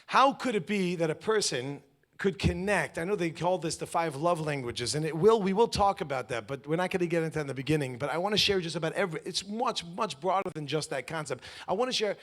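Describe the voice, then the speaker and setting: A man with a slightly high voice gives a lively class to a live crowd. He moves around the room at the mic, quizzes the audience and plays out little scenes to make his points. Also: fast. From lives in Israel. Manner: animated, asks the audience questions, acts out little scenes.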